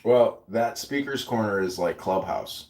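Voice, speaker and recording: Low-voiced male guest, chatty and rambling, echoey room. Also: expressive, measured pace, darkish tone. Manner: rambling storyteller, many likes and you-knows. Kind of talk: casual chat. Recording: roomy echo.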